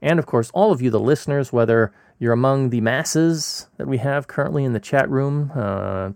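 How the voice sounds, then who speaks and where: A man co-hosting a film podcast, talking in a relaxed, rambling way with lots of fillers. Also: mid-range voice, vocal fry, no room sound, studio quality. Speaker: podcast co-host. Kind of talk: casual podcast chat. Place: Hong Kong.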